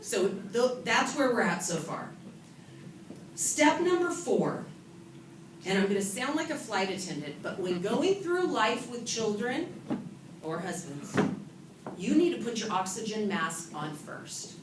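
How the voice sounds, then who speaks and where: Lively woman speaking in an echoey room. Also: mid-range voice, measured pace. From California, USA. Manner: lively, self-mocking storyteller. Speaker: author and event speaker. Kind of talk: humorous motivational talk. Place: event hall with an audience. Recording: echoey room from a distant mic with noise.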